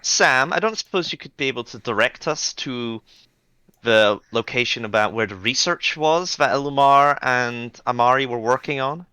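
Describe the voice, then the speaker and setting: A man's voice: medium pitch, normal speed, sharp tone, clean tone, no room sound, lightly acted. A man playing a courteous noble adventurer. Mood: inquisitive. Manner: courteous, inquisitive.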